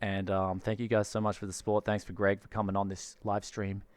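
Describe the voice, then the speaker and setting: A man's voice: fairly low pitch, little pitch movement, a little fast, dry recording. A man hosting a tech live stream, chatting in a friendly, slangy way. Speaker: tech channel host. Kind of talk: casual live-stream chat.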